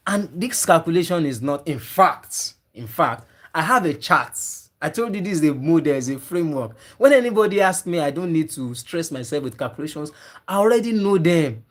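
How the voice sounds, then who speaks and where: Male trainer, slightly high voice, emphatic and repetitive, runs a live online class and talks to the chat. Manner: emphatic, repeats key points many times; talks to viewers typing in the chat. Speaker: fish farming trainer.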